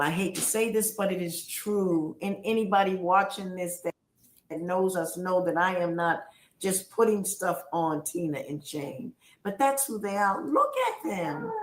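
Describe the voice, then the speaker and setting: A middle-aged woman on a livestream, emotional and accusatory, repeating her points as she rants. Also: on the low side. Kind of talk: heated livestream rant. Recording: roomy echo.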